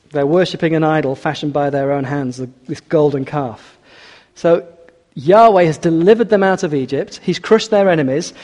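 Male preacher, mellow tone, expressive sermon delivery, echoing hall. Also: on the high side. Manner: expressive, rising for emphasis, drops quiet for scripture.

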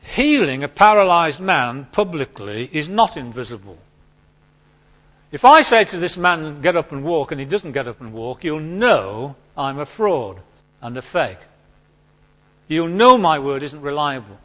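A man preaching a sermon to his congregation, emphatic and animated, repeating his key points. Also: a little high, a little slow, muffled recording.

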